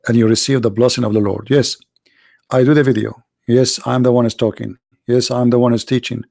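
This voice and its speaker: Gravelly-voiced man, sarcastic and tired. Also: mid-range voice, fairly even intonation, a little fast, a little mellow, no room sound, studio quality. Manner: sarcastic, mocking, rhetorical questions. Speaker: video host and preacher. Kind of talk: mocking commentary monologue.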